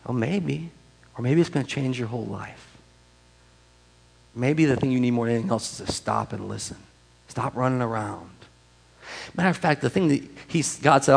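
A man preaching a sermon, telling a Bible story with lively acted-out quotes and stretches of soft, hushed speech. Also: medium pitch, creaky, in a large hall, poor audio. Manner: animated storytelling, acts out quoted voices, drops to soft hushed tones. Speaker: pastor.

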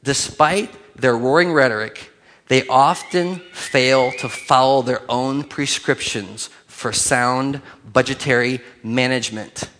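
A man's voice: mid-range voice, a bit bright, slight background noise. A man preaching a sermon as pastor, conversational and joking, building to emphatic points.

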